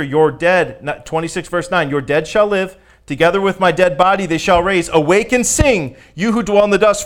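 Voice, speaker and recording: A man with a notably high-pitched voice delivers a teaching sermon. He reads scripture aloud and breaks off to speak directly to his congregation, stressing key words with emphasis in a casual, conversational tone. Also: fairly bright tone. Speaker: pastor.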